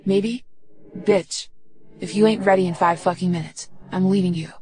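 A woman's voice: lowish voice, fairly even intonation, moderate pace, a little mellow, natural voice. A woman voicing a brutal, short-tempered male crime boss who barks curt orders. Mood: angry.

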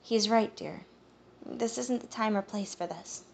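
A woman voicing a bubbly, motherly woman who gushes with excitement in an audiobook. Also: a little slow, creaky, slight background noise. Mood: gentle. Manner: gushing, high and breathless.

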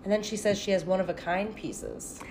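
A woman's voice: medium pitch, moderate pace, darkish tone, slight background noise. A woman co-hosting a podcast, recounting a movie plot step by step with amused commentary. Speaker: podcast co-host. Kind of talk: casual chat recapping a movie plot.

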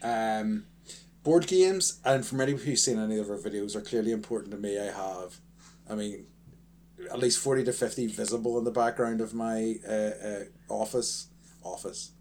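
A man's voice: fairly low pitch, normal speed, darkish tone, a little hiss or hum. A man co-hosting a casual podcast chat, rambling and self-correcting as he talks, often breaking into laughter. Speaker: podcast co-host.

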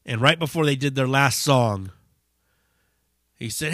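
A man hosting a podcast, telling a story in a casual, profane, animated way. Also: medium pitch, a little slow, no echo, studio quality. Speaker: podcast host.

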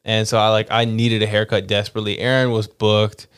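A man's voice: fairly low pitch, little pitch movement, a little fast, a bit bright, clear, resonant tone, no room sound, clean studio sound. A young man co-hosting a podcast, telling stories in a rambling, laid-back way with many restarts. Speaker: podcast co-host. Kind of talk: casual chat.

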